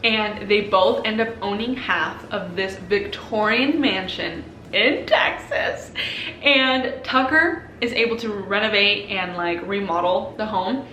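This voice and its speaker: A woman's voice: medium pitch, bright, forceful tone. Gushing young woman, echoey room. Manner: gushing, chatty, quick to laugh and sigh. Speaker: book vlogger. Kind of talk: casual vlog chat. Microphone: compact camera. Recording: echoey room with faint noise.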